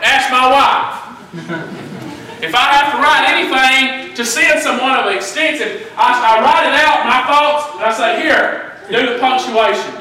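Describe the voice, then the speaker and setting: A middle-aged man, preaching a fervent sermon that climbs into shouting, often repeating words as he restarts. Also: extremely high pitch, normal speed, hardly any pauses. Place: church. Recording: echoey room from a distance, faint noise.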